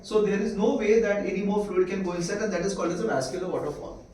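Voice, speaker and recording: This lecturer, a man speaking Indian English, has a high, slightly mellow voice with fairly even intonation. He goes over key points repeatedly and checks comprehension with brief questions, recorded from afar in a reverberant room with faint hiss or hum.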